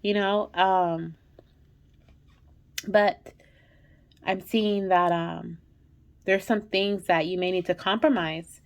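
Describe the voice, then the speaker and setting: A woman's voice: fairly low pitch, fairly even intonation, takes it slowly, long pauses, muffled recording. A woman hosting a spiritual fertility channel, reading angel messages in a monologue. She sounds emotional and near tears, repeats her affirmations and keeps asking "okay?". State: holding back tears. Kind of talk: intuitive card reading monologue.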